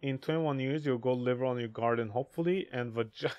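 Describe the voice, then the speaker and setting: A man's voice: mid-range voice, fast talker, a little mellow, dull audio. A man casually chatting on a gaming livestream, crude and joking as he reads chat aloud. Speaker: streamer.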